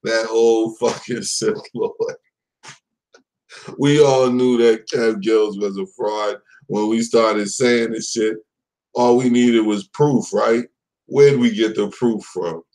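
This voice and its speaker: A man hosts a casual live commentary stream in a low, unhurried voice. He drawls through his points, swears freely and mocks the people he talks about, often laughing at his own jokes. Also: a little mellow, low-quality recording.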